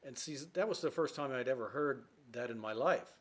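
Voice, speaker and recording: A man explaining English idioms in a relaxed lesson. He talks in a loose, chatty way, with plenty of fillers, and acts out short everyday scenes to make each point. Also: mid-range voice, fairly quick. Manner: chatty, with many fillers and play-acted quotes. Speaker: English teacher.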